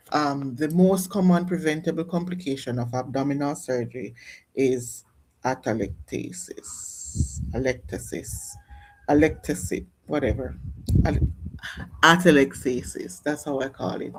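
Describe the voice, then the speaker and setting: A woman teaching a nursing class in a classroom, explaining step by step with restarts and calling on students. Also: low voice. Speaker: nursing instructor. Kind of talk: classroom lecture on exam questions.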